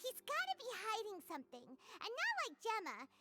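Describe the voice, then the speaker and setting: Tiny fairy girl, very high squeaky voice, wildly bouncing pitch, excitable game companion. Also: moderate pace, loud music behind the voice, exaggerated voice. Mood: suspicious. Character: tiny chatty floating fairy companion, female. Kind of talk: video game voice acting.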